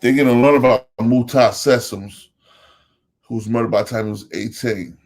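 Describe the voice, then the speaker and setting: A man's voice: mid-range voice, fairly even intonation, moderate pace, creaky. Host, man, New Jersey accent, emphatic casual monologue, lists names and repeats lines. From Elizabeth, New Jersey.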